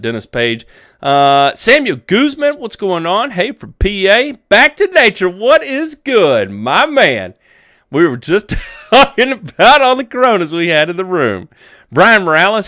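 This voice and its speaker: A man hosting a live lawn care stream, casually greeting viewers by name and laughing easily. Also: sits high. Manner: upbeat shout-outs, laughs easily.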